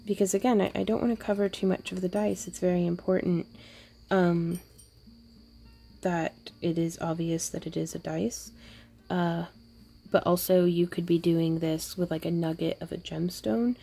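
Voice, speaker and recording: A woman talks through a wire-wrapping tutorial in a low, gravelly, mellow voice. She thinks aloud as she works, dropping playful little sound effects and soft asides. Faint music plays underneath. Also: steady tone, normal speed. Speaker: jewelry-making tutorial host. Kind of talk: casual crafting tutorial narration.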